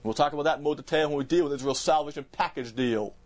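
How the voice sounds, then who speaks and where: A man's voice: fairly high pitch, fast talker. A man preaching a verse-by-verse Bible sermon in an emphatic way, repeating words and restarting phrases as he explains.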